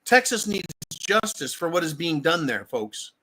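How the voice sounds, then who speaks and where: A man's voice: on the high side, very animated, a little slow, sharp tone, husky. A man hosting a live stream, ranting heatedly with frequent swearing and calling his listeners folks. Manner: keeps addressing listeners as folks. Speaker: livestream host.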